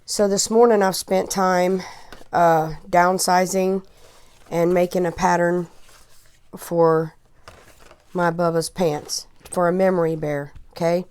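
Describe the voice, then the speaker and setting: Casual how-to instruction comes from a crafting tutorial host in her forties, whose low, smooth, slightly mellow voice moves slowly with little change in pitch. She rambles chattily through her sewing lesson, repeatedly asking "okay?", and sounds emotional and close to tears at points.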